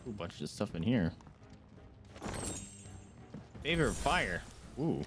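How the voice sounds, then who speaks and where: A young man streaming a game at home on a desk mic, excitably commenting and cheering on his companion. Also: fairly low pitch, moderate pace, soft background music. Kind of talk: live gameplay commentary.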